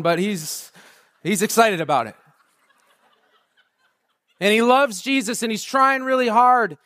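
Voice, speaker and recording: A man's voice: extremely high pitch, a bit bright. A man preaching a sermon, conversational and joking at first, then building into fervent, rousing prayer.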